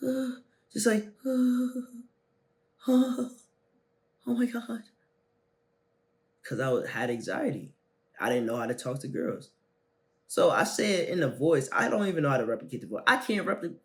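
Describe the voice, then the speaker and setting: Hosting a self-help video, a young man recounts something from his own life in casual, slang-filled speech. His voice sits a little high, and he swings from loud outbursts to hushed asides.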